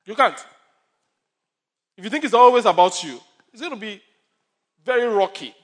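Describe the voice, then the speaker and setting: A man's voice: high-pitched, expressive, normal speed, a bit bright. A male pastor preaching a sermon with numbered points, stories and humor.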